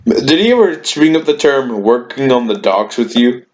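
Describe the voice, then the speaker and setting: A man's voice: medium pitch, big pitch swings, moderate pace, darkish tone. A man co-hosting a podcast in casual chat, rambling through stories and giggling often. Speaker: podcast co-host. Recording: dull lo-fi with faint hiss.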